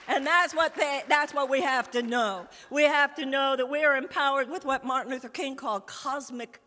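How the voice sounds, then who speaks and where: A woman delivers a rousing, emphatic speech, hammering home repeated phrases. Her voice is bright and forceful. It rings out with long reverb across a large conference hall. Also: high-pitched. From United States. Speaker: conference speaker. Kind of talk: impassioned rally speech.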